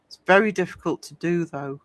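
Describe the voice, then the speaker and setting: A woman co-hosting a casual live-stream chat, talking in a soft, reflective way. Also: fairly low pitch, fairly quick, dry recording. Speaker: co-host.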